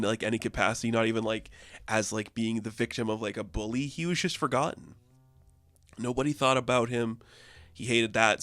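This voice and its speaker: A man's voice: lowish voice, fairly bright tone, dry recording, clean studio sound. A young man casually reviewing a comic book, rambling and peppering his talk with filler words.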